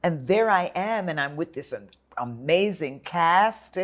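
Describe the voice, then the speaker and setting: An older woman telling her story in an interview, lively and dramatic, acting out the voices of others. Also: lowish voice, measured pace. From Jamaica and United States. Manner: animated storyteller, acts out voices. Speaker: guest.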